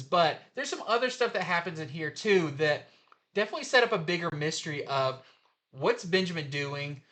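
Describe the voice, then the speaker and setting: A man talks through the week's new comics in a loose, rambling way, full of fillers and restarts. His voice is bright and sits a little high for a man. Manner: chatty, rambling retelling with fillers. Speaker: comic shop reviewer. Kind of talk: casual comic review.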